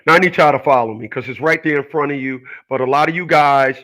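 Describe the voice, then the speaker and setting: A man hosts his own channel, airing opinions in a rambling, preachy, confrontational monologue that keeps restarting and repeating as he argues with imagined people. His medium-pitched voice moves fast with a fairly bright tone. The recording quality is low.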